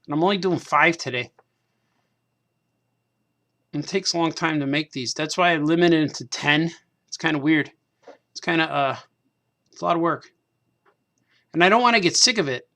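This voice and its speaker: Man, slightly high gravelly voice, loose rambling chat while crafting, self-deprecating. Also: normal speed, pauses often, sharp tone. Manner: meandering, self-deprecating, repeats himself. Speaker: cartoonist hosting a craft stream. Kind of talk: casual rambling monologue while painting figures.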